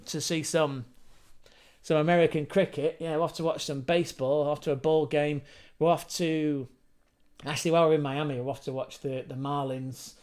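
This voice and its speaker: An English football vlogger chats casually to camera, swearing freely and drifting into rambling asides. His voice is fairly high in pitch and a little mellow.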